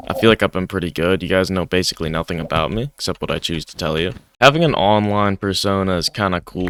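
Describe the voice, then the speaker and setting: Low smooth-voiced young man rambling. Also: a bit bright. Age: young adult. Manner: rambling, heavy use of "like". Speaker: gaming YouTuber. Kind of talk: casual gameplay commentary. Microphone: desk microphone.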